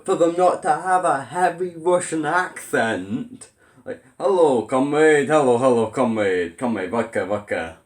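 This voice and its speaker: Guy venting slowly and sarcastically, roomy echo. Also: on the high side, a little mellow. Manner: exasperated, sarcastic ranting. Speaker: vlogger. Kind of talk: ranting commentary.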